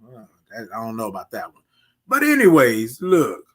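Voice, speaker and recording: A man's voice: medium pitch, huge pitch swings, moderate pace, fairly bright tone, slightly rough. A man from Houston hosting a casual morning livestream, chatting with viewers and reading their comments aloud. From Houston, Texas. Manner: chatty, tags lines with "right?" and "y'all", reads viewer comments aloud. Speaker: host. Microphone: desk microphone he can move aside.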